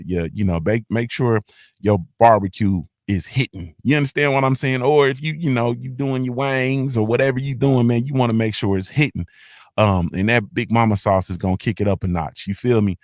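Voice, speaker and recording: A man hosting a casual talk show in a loose, laid-back manner. His voice sits fairly low, and he drops in fillers and repeated tags as he goes. The sound is dry and close, with little room echo. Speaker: host.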